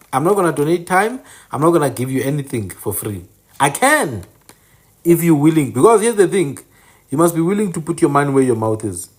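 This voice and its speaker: In a fairly high, slightly rough voice, an insistent channel host gives an informal teaching monologue on indigenous place names, emphatically correcting them and saying them again.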